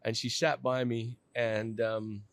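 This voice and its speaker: A man's voice: mid-range voice, little pitch movement, slow pace, fairly bright tone, no room sound. A middle-aged man telling his own story in a podcast interview, candid and self-deprecating, often restarting his sentences.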